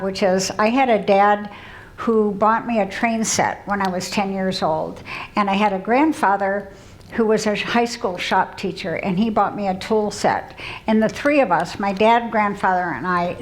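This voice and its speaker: A woman's voice: medium pitch, rough recording. A woman in her sixties, from the Midwest, telling self-deprecating stories in a humorous luncheon speech. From Midland, Michigan, US. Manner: warm self-deprecating storytelling with laughs. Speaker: keynote speaker. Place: luncheon hall.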